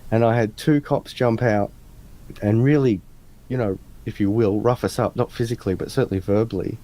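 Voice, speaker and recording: An Australian man on a video call, telling casual anecdotes in an animated way, acting out the people in his stories. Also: lowish voice, moderate pace. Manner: animated anecdote teller, acts out voices in stories. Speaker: interviewer. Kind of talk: casual storytelling chat. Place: home room with adjustable lights.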